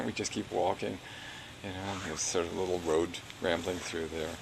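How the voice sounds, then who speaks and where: A man's voice: low-pitched, fairly even intonation, fairly quick, vocal fry, slight background noise, rough recording. An older man recounting his past in an oral history interview, rambling and chuckling, with many "you know"s.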